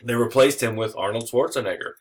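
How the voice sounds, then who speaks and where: A man's voice: mid-range voice, brisk, slight background noise. A man giving a recorded history lecture in a casual way, with joking asides and frequent filler words. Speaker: history teacher.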